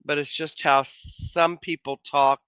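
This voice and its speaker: A man with a bright, sharp-edged voice, slightly hoarse as if he is losing it, chats casually with his livestream viewers. He rambles easygoingly and circles back on his own sentences. The sound is dry and a little dull, like a modest home setup. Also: on the high side, steady tone, takes it slowly, no echo. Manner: rambling, easygoing, with frequent trailing restarts. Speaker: livestream host. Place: home office.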